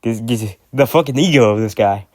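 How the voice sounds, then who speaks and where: A man's voice: mid-range voice, normal speed, darkish tone, dry recording, studio quality. A man rambling casually about music, with lots of fillers, restarts and swearing. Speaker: music commentator.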